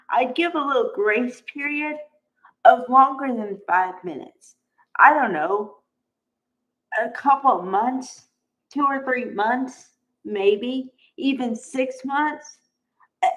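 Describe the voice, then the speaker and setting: A woman recapping soap operas in a casual vlog, chatty and opinionated, with frequent sighs. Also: fairly high pitch. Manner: chatty and opinionated, sighing often. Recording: dull lo-fi recording.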